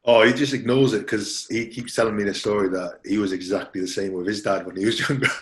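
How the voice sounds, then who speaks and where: Man, low-pitched, soft-spoken, laid-back, hesitant, podcast guest. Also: steady tone, fast talker, poor audio. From Wales. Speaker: guest, rugby player. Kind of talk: casual podcast chat.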